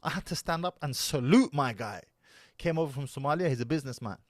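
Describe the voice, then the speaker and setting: A man's voice: medium pitch, animated, quick pace, dry recording, clean studio sound. A man, giving casual, emphatic commentary as a reaction video host. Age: 30s. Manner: emphatic, preachy.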